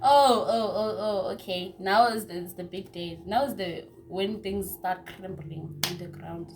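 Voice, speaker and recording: A young woman telling a casual story-time tale, chatty and repetitive, with hushed asides. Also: medium pitch, a little slow, background noise. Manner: chatty, repeats words, drops into hushed asides. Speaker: vlogger.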